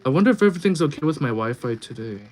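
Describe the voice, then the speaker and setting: A man's voice: a little high, animated, racing, a little mellow, poor audio. A young man streaming live and chatting casually, reading comments from his viewers aloud and rambling with many restarts.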